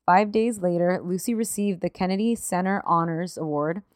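A woman's voice: on the low side, normal speed, dry recording. Woman podcast host reading out a story then chatting, swears a lot, dry close sound. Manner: emotional, swears freely, laughs through tears. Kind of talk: casual chat, partly read narration.

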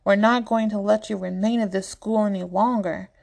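A woman's voice: mid-range voice, fairly even intonation, normal speed, vocal fry, a little mellow. Woman voicing a stern father. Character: stern middle-aged father.

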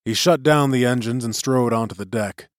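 A man narrating a chapter of a novel in an expressive storytelling voice. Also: mid-range voice, normal speed, no echo, clean studio sound. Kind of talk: audiobook narration.

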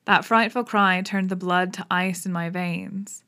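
A woman narrating a classic novel in a steady, suspenseful storytelling manner. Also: fairly low pitch, measured pace. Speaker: audiobook narrator. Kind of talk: dramatic audiobook narration.

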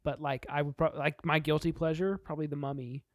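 Laid-back twenties dude on a podcast, higher voice, laughs easy, blunt, dry close sound. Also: male voice, level tone, no echo. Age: 20s. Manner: easygoing, quick to laugh, blunt. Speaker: podcast co-host. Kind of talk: casual chat.

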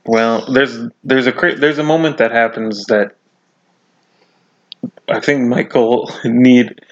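A man's voice: mid-range voice, fairly even intonation, slow, highs cut off. A man co-hosting a casual podcast, recapping a TV episode, rambling and restarting his sentences with frequent laughs. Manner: rambling, self-interrupting, laughs often. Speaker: podcast co-host.

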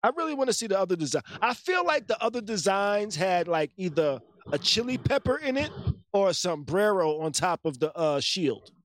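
A man's voice: sits high, lively intonation, moderate pace, a bit bright, no room sound, clean studio sound. A man co-hosting a casual podcast, joking loosely and reading chat messages and statements aloud. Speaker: podcast co-host.

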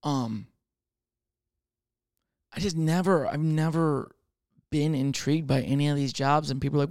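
Rambling young comedian, dry close sound. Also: male voice, on the high side, a little slow, long pauses, no room sound. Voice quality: profane, animated, restarting. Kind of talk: rambling comic monologue.

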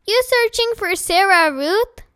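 An earnest little boy with a homespun way of talking, as a woman puts him on. His voice is high and bright. Storybook reading, dry and close. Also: expressive, unhurried, no echo, full character voice. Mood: eager.

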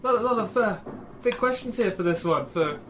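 A man playing a tabletop game, chatting casually and checking in with quick questions. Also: sits high, lively intonation, fairly bright tone. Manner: chatty, checking in with short replies. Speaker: player. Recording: noisy background.

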